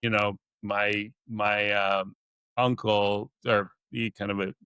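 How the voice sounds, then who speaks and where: Ask: a lively naturalist man, storytelling. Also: lowish voice, slow, clear, resonant tone, dry recording. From California. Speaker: naturalist guest. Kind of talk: casual podcast interview.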